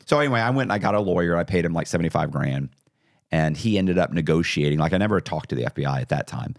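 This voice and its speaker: A middle-aged man tells his story on a podcast, acting out each exchange with animated voices. His voice sits very low, and the recording is dry and close with no room sound. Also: fast, creaky, no echo. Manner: animated, acts out quoted dialogue. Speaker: podcast guest. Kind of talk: casual storytelling interview.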